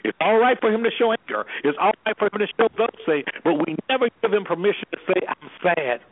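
A man's voice: high-pitched, animated, quick pace, phone-quality sound. A man working as an anger management specialist, talking as a guest on a radio interview in an impassioned, preacherly way, firing off rhetorical questions.

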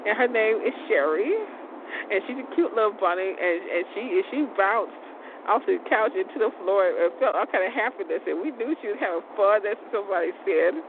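A woman's voice: medium pitch, lively intonation, a little fast. A woman rambling through a casual monologue, repeating words and restarting her sentences often. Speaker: show host. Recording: tinny phone-like audio with loud background noise.

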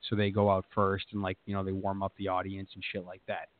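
A man hosting a podcast tells a rambling, profane story in a boastful, casual way. His voice is low and monotone and he talks fast. The recording has a tinny, dry, phone-like sound.

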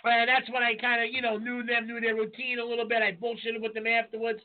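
High-voiced profane New man. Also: monotone, fast talker. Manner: profane, blunt storyteller. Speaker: chef and podcast co-host. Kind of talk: casual chat, storytelling. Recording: tinny phone-like sound.

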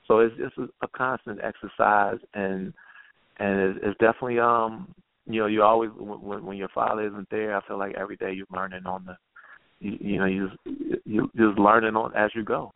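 A man guest telling a personal story in an earnest, halting way, with many restarts, heard over a tinny phone line. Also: lowish voice, level tone, creaky, no room sound. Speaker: guest poet.

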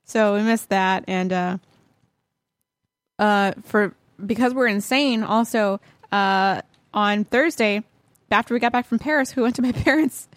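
A woman's voice: medium pitch, measured pace, no echo. A woman co-hosting a podcast in a studio, chatting casually and rambling with restarts. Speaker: podcast co-host. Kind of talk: casual chat.

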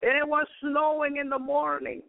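Woman preacher, fervent testimony, high voice, slow and flat delivery, phone-like dry audio. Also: no echo. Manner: fervent, peppered with praise exclamations. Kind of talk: spoken testimony sermon. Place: home in Chicago. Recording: dry, phone-like narrow sound.

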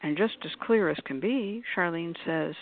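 This woman speaks at a moderate pace in a lowish voice as a panelist on a call-in radio program. Her explanations run long and conversational, with quoted voices acted out in her examples, heard over a dry, tinny, phone-like connection.

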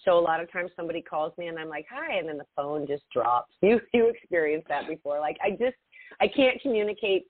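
A woman co-hosting a podcast in casual chat, expressive and laughing often, her voice swinging between loud and soft. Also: deep voice, fairly quick, no room sound. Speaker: podcast co-host. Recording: tinny phone-like sound, dry.

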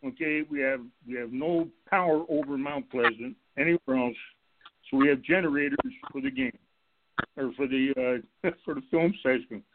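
A man, a former football coach, calling in to a radio show and telling lively stories about his old players and staff. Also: fairly high pitch, slight background noise. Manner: animated storyteller, acts out quotes, laughs along. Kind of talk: telling anecdotes on a call-in show. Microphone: telephone. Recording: tinny phone line.

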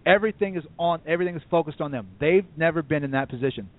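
A man's voice: fairly high pitch, rapid-fire. A man co-hosting a sports talk show, arguing his opinions in casual chat. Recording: dry, tinny phone-like audio.

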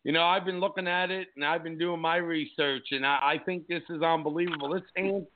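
Canadian accented man, upbeat radio co-host, slightly high voice, tinny lo-fi sound. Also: steady tone, fairly quick, slight background noise. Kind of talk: casual talk radio.

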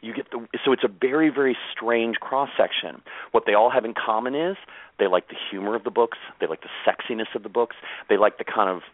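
A man, an author, telling anecdotes in an interview with animated energy and frequent laughs. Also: mid-range voice, brisk, no room sound. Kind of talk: conversational storytelling interview. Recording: tinny phone-like line, dry.

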